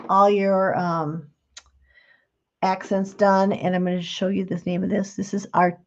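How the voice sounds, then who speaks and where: A woman's voice: on the low side, a little mellow, muffled recording. A middle-aged woman hosting a live craft demonstration, chatting in a homey, explanatory way. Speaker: craft show host.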